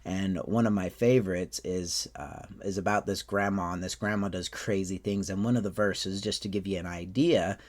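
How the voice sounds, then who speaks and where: Casting: man, lowish voice, easygoing tutorial presenter, loose and rambling. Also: normal speed, hardly any pauses. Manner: relaxed, rambling with restarts. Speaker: faire staff member teaching accents. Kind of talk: casual tutorial talk.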